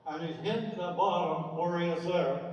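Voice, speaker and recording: A man's voice: sits high, normal speed, a little mellow, highs cut off. An older man talking casually over a slideshow, chatty and anecdotal, with dry asides. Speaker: speaker presenting a slideshow. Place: theater. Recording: echoey hall, distant from mic.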